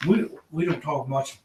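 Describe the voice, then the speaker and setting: A man's voice: a little high, a little mellow. A man voicing a gossiping female dwarf barkeep. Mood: matter-of-fact. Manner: halting, full of fillers. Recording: roomy, distant mic, faint noise.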